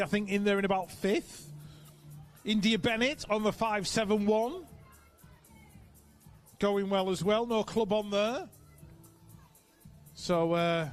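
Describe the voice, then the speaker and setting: A man calls a race live from an outdoor track, briskly reeling off rider names and tossing in chatty asides. His voice sits high and bright for a man. Faint music plays behind him. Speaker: race announcer. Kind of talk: live sports commentary.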